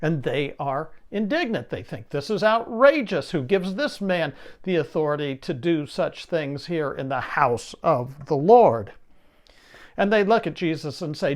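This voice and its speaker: A man preaching a sermon, reading scripture and then explaining it with rhetorical questions and lively emphasis. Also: fairly high pitch, unhurried.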